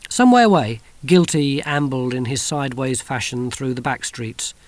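A man reading a novel aloud in measured, wry audiobook narration. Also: mid-range voice.

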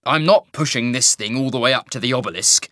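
A man voicing a bitter, sharp-tongued male half-mage who speaks in a snarling, sardonic way. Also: medium pitch, fairly quick, no echo, studio quality, close to an everyday voice. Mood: irritable.

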